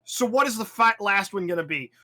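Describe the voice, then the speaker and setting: A man's voice: sits high, fairly quick. A young man hosting a podcast, talking in a rambling, profane, casual way, often restarting his sentences. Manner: animated storytelling with acted-out asides. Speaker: podcast host. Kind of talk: casual chat.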